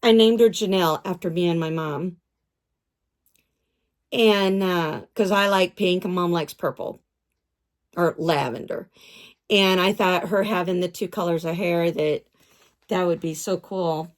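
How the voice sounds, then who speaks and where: A woman's voice: on the low side, measured pace, pauses often. A woman vlogging in a casual chat about her doll collection, gushing, repeating herself and stumbling over names.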